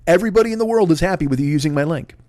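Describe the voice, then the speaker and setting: A man's voice: fairly high pitch, lively intonation, very fast, darkish tone, no echo. Rambling, profane male podcast host. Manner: rambling, self-deprecating, profane asides. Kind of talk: casual solo podcast plugs.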